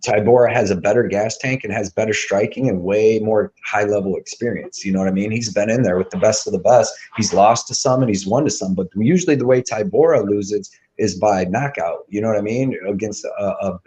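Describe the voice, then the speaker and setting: A man with a low, mellow voice chats casually about fight picks and odds. He rambles loosely, tossing in "dude" and "you know what I mean" as he makes his case. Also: low-quality recording. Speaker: co-host of a betting show. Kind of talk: casual sports betting chat.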